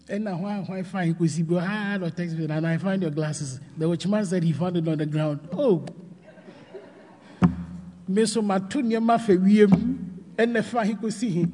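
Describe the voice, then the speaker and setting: A woman's voice: mid-range voice, mellow, slightly rough, in a large hall. A Ghanaian woman, a church elder, preaching a sermon with emphatic, repeated phrases.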